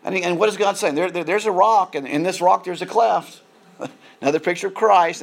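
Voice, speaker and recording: A man's voice: sits high, a little fast, gravelly. A man preaching a sermon in an earnest way, often repeating words as he builds emphasis.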